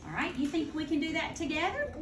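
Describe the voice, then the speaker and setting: A woman teaching a second-grade phonics lesson, speaking clearly and deliberately. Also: high-pitched, sing-song, a crowd in the background. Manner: clear, deliberate teacher talk, slowing to model words. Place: classroom. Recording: echoey classroom from far off, noisy.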